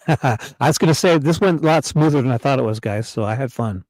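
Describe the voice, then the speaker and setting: A man hosting a casual livestream, soft-spoken and a little apologetic. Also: mid-range voice, fairly quick, dry recording. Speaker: livestream host.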